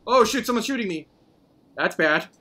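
A male gaming host giving live gameplay commentary, excitable, whooping and playfully taunting opponents. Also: high-pitched, normal speed.

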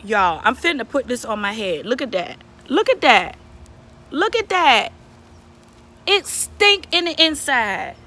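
A woman's voice: fairly high pitch, sing-song, unhurried, bright, forceful tone. A young woman vlogger ranting casually to camera, exasperated and profane, repeating herself for emphasis. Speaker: beauty vlogger reviewing a wig.

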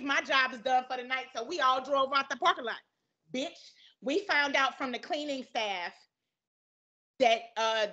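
A young woman spins a profane, dramatic tale in a casual podcast chat, jumping into each character's voice. Her voice sits high and sounds bright and sharp. The audio comes through slightly dull and lo-fi. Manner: profane, dramatic storyteller who acts out both sides of arguments. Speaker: podcast guest. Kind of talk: animated storytelling in casual chat.

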